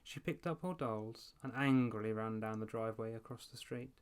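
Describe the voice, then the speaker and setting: A man's voice: fairly low pitch, steady tone, brisk, few pauses. A man in his thirties reading a children's horror story aloud. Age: 30s. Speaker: audiobook reader. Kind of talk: storybook narration.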